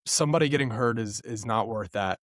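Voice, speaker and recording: A man hosting a casual podcast, measured and thoughtful, who leans on plenty of ums. His pitch sits in the middle, and the sound is dry and close to the mic. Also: no room sound. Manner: measured, thoughtful, many fillers. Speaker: podcast host.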